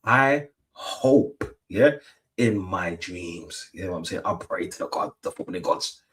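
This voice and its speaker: A young British man hosts a football banter livestream from behind his webcam. His voice sits low, and he trades teasing jabs with his chat in a loose, casual flow. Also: expressive, unhurried, fairly bright tone. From Britain. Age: young adult. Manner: playful trash talk, lots of "yeah?" tags. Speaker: livestream host. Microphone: webcam mic.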